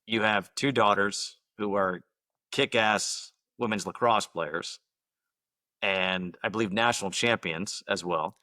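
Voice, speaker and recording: A man's voice: lowish voice, slow pace, pushed and bright, no echo. A man hosting a podcast, asking his guest direct, upbeat questions. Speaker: podcast host. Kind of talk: interview questions.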